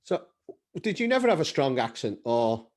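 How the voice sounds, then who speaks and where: A man's voice: very animated, moderate pace, a little mellow. A man from North Wales with a northern English accent and a Scouse twang, hosting a casual podcast interview, chatty and asking questions. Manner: chatty, asks questions with rising pitch. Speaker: podcast host.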